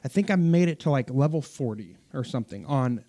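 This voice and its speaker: A man's voice: medium pitch, lively intonation, brisk, few pauses, warm tone. A man hosting a live stream as a pastor, chatting casually with viewers and rambling through fillers, restarts and self-corrections.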